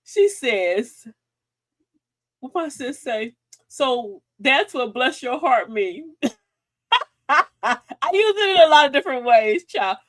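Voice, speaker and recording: A woman's voice: high-pitched, sing-song, slow, pauses often, dry recording. A woman hosting a live advice show, sassy and preachy, who laughs often and calls her listeners sis and queen. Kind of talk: livestream advice talk.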